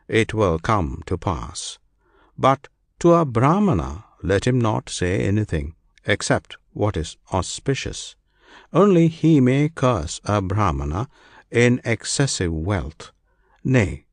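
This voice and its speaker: A man reading an old scripture aloud as an audiobook narrator, in a measured, solemn recitation. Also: lowish voice, gravelly, dry recording.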